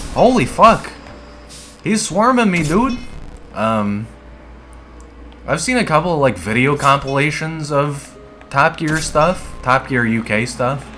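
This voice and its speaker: Low-voiced man rambling through gameplay. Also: fairly bright tone. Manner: rambling, laid-back, swears often. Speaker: streamer playing a dungeon game. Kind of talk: casual gameplay commentary.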